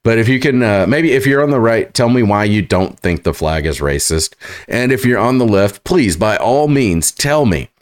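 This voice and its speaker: A man hosting reaction commentary, sarcastic and halting, full of fillers and restarts. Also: lowish voice, big pitch swings. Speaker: commentary host.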